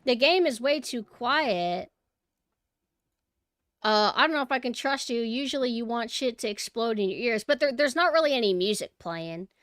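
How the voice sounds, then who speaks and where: A woman streaming a game and chatting casually with her viewers, swinging between quiet murmurs and loud exclamations. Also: a little high, expressive, moderate pace, no room sound, clean studio sound. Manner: chatty, talks to chat directly. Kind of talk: casual gameplay livestream chat.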